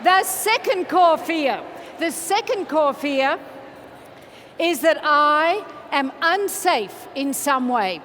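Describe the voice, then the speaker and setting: A woman giving an energetic motivational keynote in a large conference hall, coaxing the audience to join in. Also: high voice, slow pace, slight background noise. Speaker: motivational speaker. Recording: reverberant hall, faint ambience.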